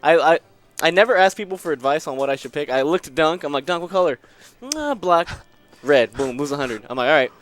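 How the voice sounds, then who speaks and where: A young man tells a rambling story full of laughs and quoted lines. His voice sits fairly high, with faint music playing softly behind him. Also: a little fast. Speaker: guest, pro gamer. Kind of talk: casual storytelling chat.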